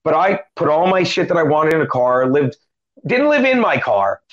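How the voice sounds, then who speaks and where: High-voiced male comedian telling a story. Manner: animated, quick joking delivery with acted quotes. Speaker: comedian guest. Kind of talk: storytelling in an interview. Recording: dull lo-fi sound.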